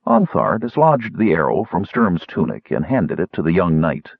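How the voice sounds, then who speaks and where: A man narrating an audiobook in a husky voice with a very varied delivery, on a dull lo-fi recording. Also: sits low, very animated, normal speed, no echo. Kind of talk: scripted narration.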